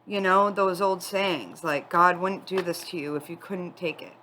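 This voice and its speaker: A woman giving a spiritual tarot reading, tearful and crying as she talks in a candid, halting, confiding way. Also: fairly low pitch, sharp tone, slight background noise, poor audio. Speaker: tarot reader.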